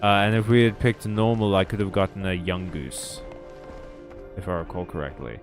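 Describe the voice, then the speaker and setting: A man's voice: low voice, steady tone, moderate pace, soft background music. Let's play host, man, casual jokey gameplay commentary, sarcastic asides.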